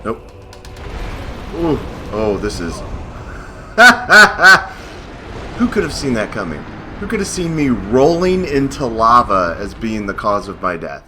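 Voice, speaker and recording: Man, let's play commentary, lowish pitch, rambling, self-mocking, faint background noise. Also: very animated, normal speed, fairly bright tone. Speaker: gameplay host.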